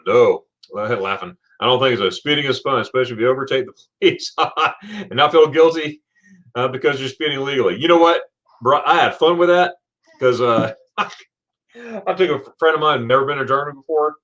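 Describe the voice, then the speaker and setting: A man's voice: mid-range voice, fairly bright tone. A man hosting a casual livestream, chatting loosely, laughing often and reading viewer comments aloud. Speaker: livestream host.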